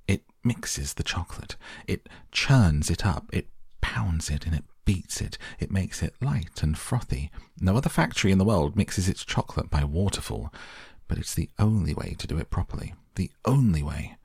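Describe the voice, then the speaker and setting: A man voicing an eccentric, excitable male chocolate maker in an audiobook, gushing in theatrical bursts. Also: sits low, gravelly, breathy edge, no echo, clean studio sound, heavily acted. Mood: delighted. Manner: gushing, theatrical, quick enthusiastic patter. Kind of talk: audiobook character voice.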